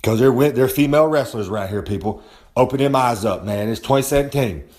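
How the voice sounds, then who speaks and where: A brash man cuts a wrestling-style promo, bragging and rambling as he refers to himself in the third person. He gets heated easily and swears freely, with a middle-pitched voice, speaking outdoors. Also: brisk, darkish tone. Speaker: recurring segment presenter. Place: outdoors on a humid day.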